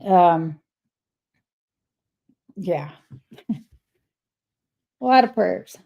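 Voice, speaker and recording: A woman's voice: lowish voice, lively intonation, drawn-out words, gravelly, muffled recording. An older woman hosting a casual livestream, reading viewer comments aloud and replying to them in a chatty way. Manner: chatty, reads messages aloud and replies warmly. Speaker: livestream host.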